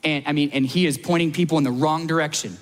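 A man's voice: fairly high pitch, fast, in a large hall. A man preaching a sermon as pastor at a church service, emphatic, repeating lines and building to peaks.

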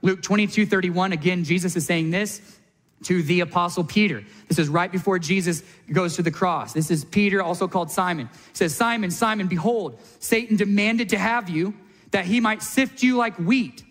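A man preaching a sermon as a pastor, animated and conversational, slipping into playful voices when he quotes people. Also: high-pitched, moderate pace, long reverb tail.

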